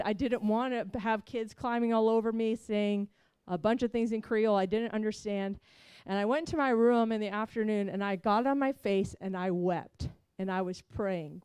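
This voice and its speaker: A woman's voice: a little high, darkish tone, clear, resonant tone, no room sound. A woman preaching as she tells a personal mission testimony, earnest and heartfelt.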